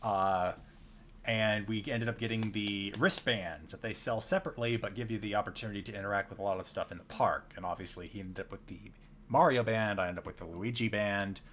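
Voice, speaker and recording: A man's voice: lowish voice, steady tone, a little fast, fairly bright tone, a little hiss or hum. A man co-hosting a casual chat, telling trip anecdotes over his own video footage with a chatty, laughing manner. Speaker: co-host.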